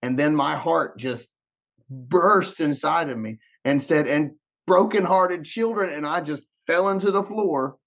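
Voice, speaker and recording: Fairly high in pitch and unhurried, this man's voice is gravelly yet fairly bright, though the audio is dull. He's a podcast guest animatedly telling an emotional story, playing out the dialogue and often repeating and restarting words.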